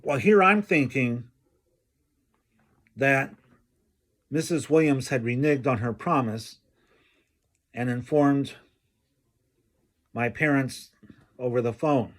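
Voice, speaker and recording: A man telling a personal story from his school days, slow and halting, often clearing his throat. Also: medium pitch. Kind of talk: personal anecdote told slowly.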